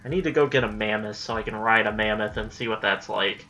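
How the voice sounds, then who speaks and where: A young man giving casual let's-play commentary, chatty and easily frustrated, breaking into excited yelling during chases. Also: on the low side, quick pace, highs cut off. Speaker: gameplay commentator.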